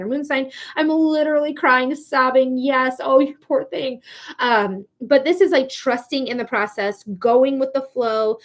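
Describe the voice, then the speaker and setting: A woman hosting a live-streamed psychic tarot reading. She talks casually and emphatically, swearing freely. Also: fairly high pitch. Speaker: psychic reader.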